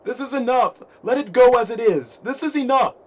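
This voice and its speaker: A woman reading aloud, voicing excited young male onlookers who shout and plead. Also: a little high, normal speed, voice pushed up, natural voice.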